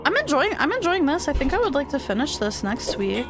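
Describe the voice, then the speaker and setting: A woman's voice: high-pitched, very animated, brisk. A woman streaming a game, chatting loosely with lots of fillers and reading the game's text aloud. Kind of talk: casual gaming stream chat. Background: game music.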